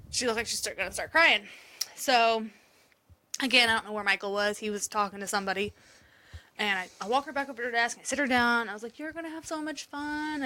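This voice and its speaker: A woman's voice: a little high, sharp tone. A woman co-hosting a podcast, telling an emotional story in casual chat, swearing freely and laughing often. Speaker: podcast co-host.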